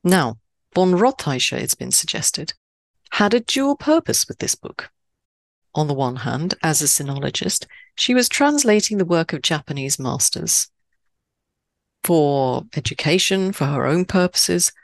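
Low-pitched woman from Switzerland, podcast host; scripted, emphatic delivery; dry, close sound. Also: very animated, unhurried, creaky, no room sound.

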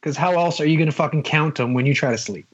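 A husky man with a somewhat higher voice, making profane wisecracks in a casual chat. His audio comes through dull and muffled. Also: fast talker.

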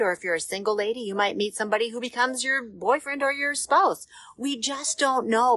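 A woman hosting a motivational podcast, talking in a gentle, reassuring, conversational way with small pauses and fillers. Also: mid-range voice, dry recording. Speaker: podcast host.

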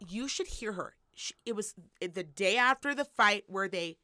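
A woman hosting a podcast, telling gossip in a casual, animated, profane way. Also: mid-range voice, moderate pace, no echo, studio quality. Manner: animated, profane storytelling with laughs. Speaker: podcast host.

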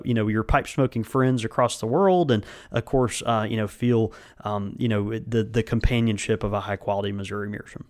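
A man hosting a casual podcast, speaking in a halting way with frequent fillers, restarts and easy laughter. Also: fairly low pitch. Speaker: podcast host. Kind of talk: casual podcast chat and sponsor read.

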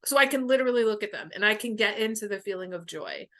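Candid, expressive middle-aged woman. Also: medium pitch, quick pace. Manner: candid and expressive, swears freely, lots of "like". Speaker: boundaries coach, podcast guest. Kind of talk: casual conversational storytelling.

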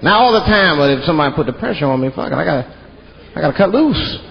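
A man from Washington, D.C. doing a stand-up comedy set in a theater, animated and jumping into mimicked voices. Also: fairly high pitch, fast, creaky. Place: theater stage before a live audience. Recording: muffled live stage recording with loud crowd.

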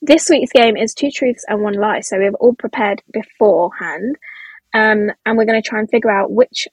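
A woman hosting a podcast in casual chat, animated and teasing, often exclaiming. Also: medium pitch, normal speed, breathy edge, no room sound, rough recording. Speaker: podcast host.

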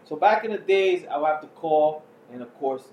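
High-voiced man telling stories, roomy sound. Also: moderate pace, muffled recording, slight background noise. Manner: loose storytelling with profanity. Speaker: podcast co-host. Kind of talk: casual chat over beer.

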